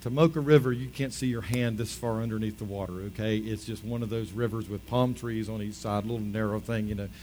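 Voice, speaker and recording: A man's voice: fairly low pitch, fairly even intonation, fast, few pauses, warm tone. A middle-aged male pastor preaching a sermon, telling a story with chatty asides and rising to emphatic appeals.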